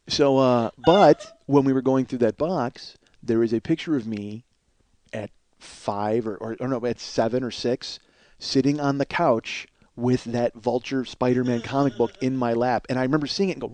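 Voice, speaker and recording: A man in his forties hosting a podcast, telling a comic story from his childhood in an animated, profane way. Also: normal speed, dry recording. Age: 40s. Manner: animated, profane, acts out voices with big pitch swings. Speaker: podcast host.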